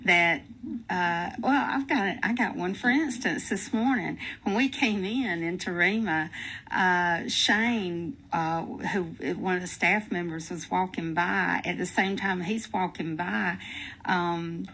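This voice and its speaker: An older woman, a grandmother, speaking as a radio guest in a halting, gentle way with many pauses. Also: on the low side, slight background noise, poor audio. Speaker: guest, spiritual director. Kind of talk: radio interview chat. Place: radio studio.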